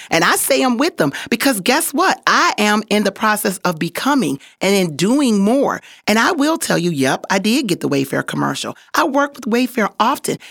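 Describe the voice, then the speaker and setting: Upbeat, encouraging female podcast host with a lively, swooping voice, recorded dry. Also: mid-range voice, gravelly, no room sound. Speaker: voiceover artist. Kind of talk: motivational podcast talk.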